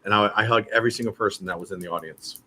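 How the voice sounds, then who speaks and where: Bright-voiced animated male storyteller. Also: on the low side, rapid-fire, husky. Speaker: show regular and guest voice actor. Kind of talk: casual live-stream chat.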